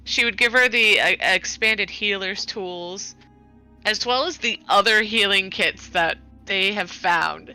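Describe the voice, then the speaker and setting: Female player, bright tone, lively giggly narration, faint music behind. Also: medium pitch, rough recording. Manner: lively and giggly, quick asides. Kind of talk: describing a character's actions in a tabletop game.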